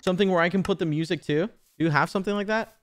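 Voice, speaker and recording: A man's voice: high-pitched, racing, a little hiss or hum. A man in his twenties streaming a game, chatting casually with lots of profanity, teasing and laughter. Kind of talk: casual live-stream chat while gaming.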